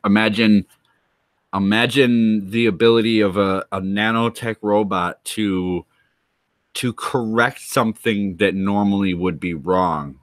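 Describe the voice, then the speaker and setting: Rambling low-voiced male streamer, dry sound. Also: steady tone, unhurried, no room sound. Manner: rambling, joking, trails off into asides. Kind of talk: rambling livestream chat.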